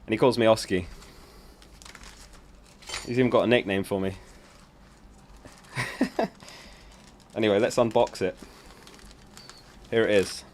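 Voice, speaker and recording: A man's voice: on the low side, fairly even intonation, unhurried, pauses often, a little mellow, slight background noise. Giggly man chatting on a livestream. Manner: chatty and giggly, talking to his chat. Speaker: livestream host. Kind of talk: casual live-stream chat.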